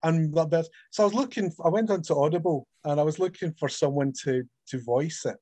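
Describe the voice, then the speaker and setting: A man's voice: a little high, a little fast, no echo. A middle-aged man from Scotland with a Scottish accent, an author chatting animatedly in an interview. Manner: animated storyteller, acts out quoted voices. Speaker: author guest. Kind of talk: casual interview chat.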